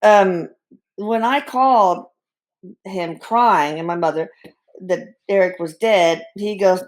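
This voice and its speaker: Candid, animated middle-aged woman. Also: medium pitch, measured pace. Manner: candid and animated, with blunt humor. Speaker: guest, bereaved mother and physician. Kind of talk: conversational interview storytelling.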